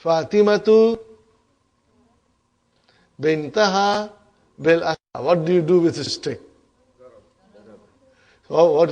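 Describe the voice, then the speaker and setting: Questioning male Arabic teacher, higher voice. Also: a little mellow, dull audio. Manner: quizzes students, frequent checks like "huh?" and "okay?"; addresses class as brothers and sisters. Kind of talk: classroom grammar lesson. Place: classroom with students.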